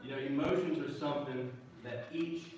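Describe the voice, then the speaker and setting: A man's voice: mid-range voice, steady tone, normal speed, background noise. A man preaching a sermon as pastor, folksy and joking, calling out to the congregation. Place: church sanctuary. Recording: echoey church hall, mic from a distance.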